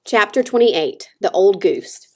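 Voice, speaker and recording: A woman teacher reading a children's novel aloud with expressive storytelling. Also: mid-range voice, a little slow. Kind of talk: children's book read-aloud.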